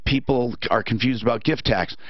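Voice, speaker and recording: A man's voice: mid-range voice, normal speed, no echo, lo-fi sound. A man hosting a call-in radio talk show, giving blunt, opinionated advice to callers and reading live ads.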